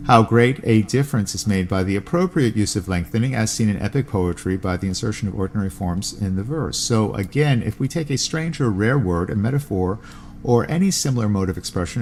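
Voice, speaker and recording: This man's voice is on the low side with a darkish tone, over a faint hiss or hum. As host of a podcast, he reads a classical text aloud, offering plain comments and spelling out Greek terms letter by letter.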